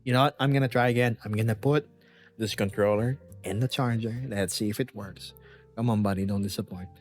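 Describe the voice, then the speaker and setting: A man's voice: fairly low pitch, steady tone, a little fast, a little mellow, soft background music. A man from the United States chatting casually on a livestream, rambling playfully and reading chat messages aloud. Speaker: VRChat streamer.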